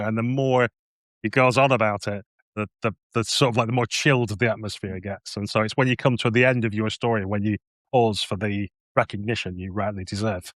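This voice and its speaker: A man's voice: lowish voice, fairly bright tone, no echo, studio quality. A man narrating as game master of a tabletop game, playful and descriptive, with frequent restarts.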